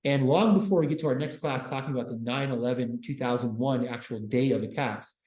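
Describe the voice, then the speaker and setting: A man giving a casual classroom history lecture as a university lecturer, breaking it up with deadpan joking asides. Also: mid-range voice, fairly quick. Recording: roomy classroom echo.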